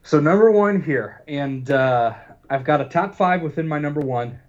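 A man's voice: fairly high pitch, animated, lo-fi sound. Rambling man on a podcast. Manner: rambling, halting, full of fillers. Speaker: podcast co-host. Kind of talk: casual podcast banter.

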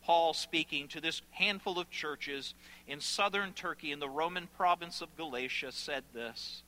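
A man's voice: a little high, measured pace, sharp tone, rough recording. A middle-aged man, a pastor, preaching a sermon in a church auditorium with earnest, passionate emphasis.

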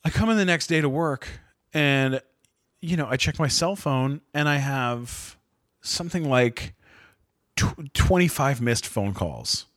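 A man in his thirties hosts a comedy podcast, rambling through a story with lots of swearing and animated asides. His voice sits at an everyday mid pitch and sounds dry and close. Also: a little slow, no room sound. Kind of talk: casual comic storytelling.

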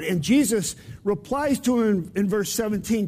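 A man's voice: high voice, lively intonation, moderate pace, few pauses, warm tone, long reverb tail. A man preaching a sermon to his congregation in a conversational way, putting questions to his listeners. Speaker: pastor. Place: church sanctuary.

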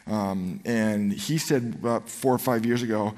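A man's voice: on the low side, fairly even intonation, measured pace, darkish tone. A man preaching a sermon as pastor, conversational and earnest, slipping into quoted voices as he tells stories. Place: church sanctuary. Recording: church hall reverb.

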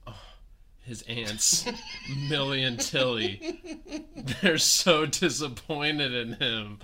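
A man's voice: medium pitch, very animated, slow pace, bright, forceful tone. A man improvising an absurd comedic story on a podcast, laughing as he rambles. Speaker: podcast co-host.

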